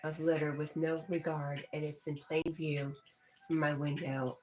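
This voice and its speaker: A woman's voice: sits low, level tone, unhurried, a little mellow, a little hiss or hum. A woman in her sixties hosting a livestream, reading out viewer comments and greeting people by name with chuckles. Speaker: livestream host.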